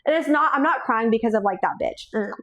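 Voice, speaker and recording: A woman's voice: a little high, lively intonation, fast talker, fairly bright tone. A young woman chatting casually about her books, rambling, swearing freely and laughing often, tearful and shaky. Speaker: book vlogger. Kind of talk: casual chat.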